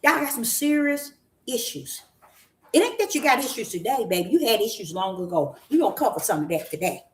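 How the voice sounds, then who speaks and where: A woman's voice: a little high, big pitch swings. Emphatic preaching woman in an echoey room. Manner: emphatic, repetitive, colloquial, drawn-out stresses. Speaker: prophetess. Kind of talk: preaching to an audience. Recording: echoey room with faint noise.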